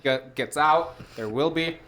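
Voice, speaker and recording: A man's voice: fairly high pitch, a little slow, fairly bright tone. A man co-hosting a casual podcast, telling a long rambling story with plenty of fillers and casual swearing. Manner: rambling storyteller, loose and profane. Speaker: podcast co-host. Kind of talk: casual chat.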